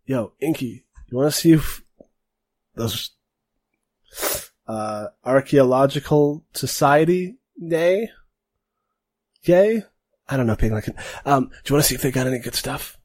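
A man's voice: mid-range voice, lively intonation, measured pace, pauses often, a little mellow, no echo, pitched above the performer's own voice. A man doing a goofy, brash young dude. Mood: excited. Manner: chummy slacker talk.

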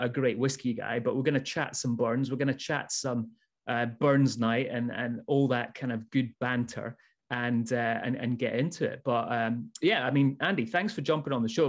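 A man's voice: medium pitch, moderate pace. A man hosting a podcast, chatting casually with upbeat banter and playing the hype man for his guest. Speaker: podcast host. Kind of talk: casual chat.

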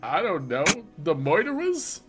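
A man's voice: on the high side, wildly swooping pitch, measured pace, over music, pitched above the performer's own voice. A man playing a nervous, stammering henchman. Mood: evasive. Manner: hesitant, full of "uh", wheedling. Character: shifty male henchman, evasive and eager to please.

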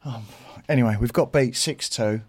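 A middle-aged man, a podcast guest, telling an animated anecdote in a casual way, swearing and acting out what others said. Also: mid-range voice, moderate pace.

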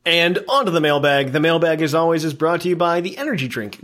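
A man's voice: a little high, fast talker, fairly bright tone. A man hosting a casual podcast, upbeat, running segments and reading listener email aloud. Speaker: podcast host.

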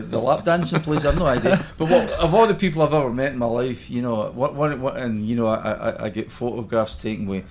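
A man's voice: mid-range voice, a little fast, hardly any pauses, crowd noise. A Scottish man in his fifties, chatting on a podcast and telling stories with easy laughter. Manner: chatty storyteller, laughs easily. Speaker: podcast guest. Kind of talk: casual chat.

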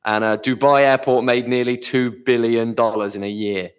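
Male podcast co-host, easygoing and conversational, ordinary middle pitch. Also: steady tone, moderate pace, clean tone. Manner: casual, amused, trails off with fillers. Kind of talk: casual chat.

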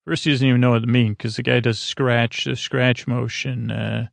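Gravelly flat-voiced man rambling sleepily. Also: mid-range voice, moderate pace, no room sound. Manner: meandering, full of uh fillers. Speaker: podcast host. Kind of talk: rambling sleepy episode recap.

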